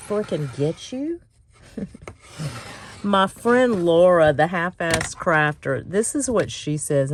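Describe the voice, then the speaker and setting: A woman's voice: lowish voice, darkish tone. A middle-aged woman hosting a casual crafting tutorial, chatty and self-mocking and often laughing. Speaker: craft channel host.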